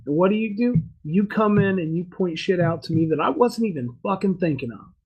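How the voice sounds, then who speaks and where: A man's voice: high voice, expressive, fairly quick, slightly rough, highs cut off. A man talking earnestly and emphatically to a friend on a casual podcast. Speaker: podcast co-host. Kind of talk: casual chat.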